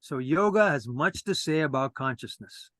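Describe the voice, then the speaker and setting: A man's voice: on the high side, animated, moderate pace, fairly bright tone, no room sound. A man presenting a lecture from a script, earnest and lecturing, with casual asides to a co-host.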